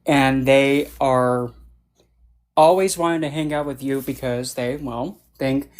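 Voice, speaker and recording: A man's voice: mid-range voice, fairly even intonation, a little slow. A man on a video call, a panelist telling playful, jokey stories and acting out the voices. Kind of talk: casual panel talk.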